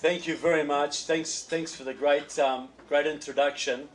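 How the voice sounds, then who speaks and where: A man's voice: a little high, steady tone, normal speed, rough recording. A man with a New Zealand accent, a guest speaker giving a political speech at a reception, folksy with joking asides and repeated words as he starts phrases.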